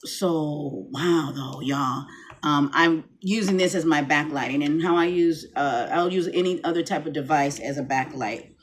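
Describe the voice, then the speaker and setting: A woman's voice: low-pitched, measured pace, a little hiss or hum. A middle-aged woman talking casually to her camera at home, rambling with many restarts. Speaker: vlogger. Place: home room, lights dimmed.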